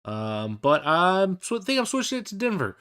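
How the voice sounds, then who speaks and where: A man co-hosting a casual sports podcast, easygoing and halting, with lots of fillers and restarts. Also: high-pitched, sing-song, a bit bright. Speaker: podcast co-host.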